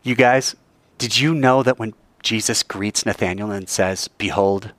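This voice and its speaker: A male preacher delivering a sermon, animated and full of rhetorical questions to the audience. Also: on the low side, unhurried, no room sound.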